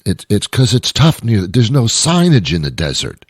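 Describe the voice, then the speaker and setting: A man's voice: mid-range voice, wildly swooping pitch, moderate pace, husky, dry recording, studio quality. A man hosting his own show, delivering a rambling comic monologue full of wry asides and self-interruptions. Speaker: show host. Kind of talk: comedic monologue.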